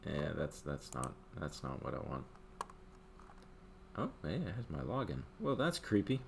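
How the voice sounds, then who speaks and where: An older man giving a casual rant about a video game, swinging between loud outbursts and muttered asides. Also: extremely low pitch, big pitch swings, measured pace, creaky, slight background noise. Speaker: gaming commentator.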